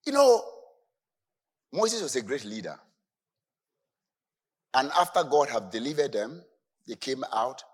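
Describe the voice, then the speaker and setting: Man, preacher, sermon, emphatic, swooping lively intonation. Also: mid-range voice, a little slow, pauses often. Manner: emphatic, swings between soft asides and shouted exclamations.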